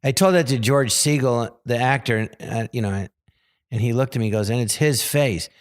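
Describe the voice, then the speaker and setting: A man speaking as a podcast guest in easy, conversational talk, slipping into the voices of people he quotes. His pitch sits in the middle for a man. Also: brisk. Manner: conversational, acts out other people's lines in quotes. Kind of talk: casual conversational podcast chat.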